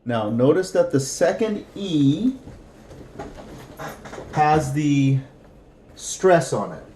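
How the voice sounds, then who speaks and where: A man's voice: a little high, sing-song, very slow, warm tone, echoey room, a little hiss or hum. A man teaching a language lesson, patiently repeating each word for practice. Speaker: Spanish teacher.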